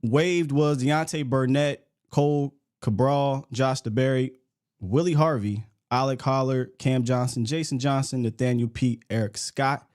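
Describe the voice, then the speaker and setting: Blunt, animated man at mid pitch. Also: a little slow. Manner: blunt, animated, slangy, reads lists aloud. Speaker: sports podcast host. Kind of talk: casual sports talk.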